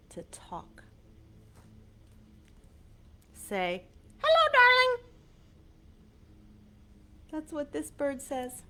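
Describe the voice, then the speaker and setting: A woman librarian reading a picture book aloud to small children, animated and coaxing, asking them questions, recorded on a webcam. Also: on the high side, a little hiss or hum. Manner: animated, sing-song, coaxing questions to kids.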